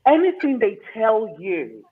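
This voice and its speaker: A man's voice: sits high, wildly swooping pitch, unhurried. A man hosting a talk show. He gives advice in an emphatic monologue and keeps asking "okay?". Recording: tinny phone-line sound.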